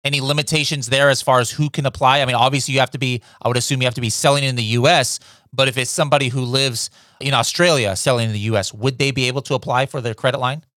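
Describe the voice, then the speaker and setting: A man's voice: mid-range voice, steady tone, fast, a bit bright, no room sound, studio quality. A man hosting a podcast, asking questions in a casual, conversational way with many filler words. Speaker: podcast host.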